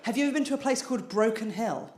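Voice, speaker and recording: High-voiced woman doing stand-up. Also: lively intonation, fast, a little mellow, reverberant. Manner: chatty, self-deprecating, with filler restarts. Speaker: stand-up comedian. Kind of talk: stand-up comedy set. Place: theatre stage before an audience.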